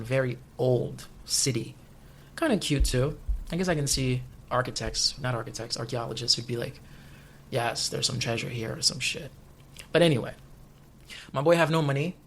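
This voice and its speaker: Young male co-host, animated and joking, mid-pitched voice, faint background hiss. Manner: joking, animated, laughs often. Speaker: podcast co-host. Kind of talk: casual chat.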